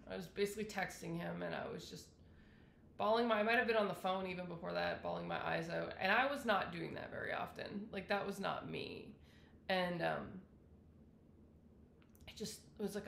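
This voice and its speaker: A woman talks candidly to the camera about her own story, circling back often and correcting herself as she goes. Her voice has a gravelly edge, and the room around her rings with a noticeable echo. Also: medium pitch, animated, moderate pace, a bit bright, a little hiss or hum. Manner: rambling, frequent self-corrections and fillers. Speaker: wellness vlogger sharing her illness story. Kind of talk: candid personal monologue. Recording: roomy echo.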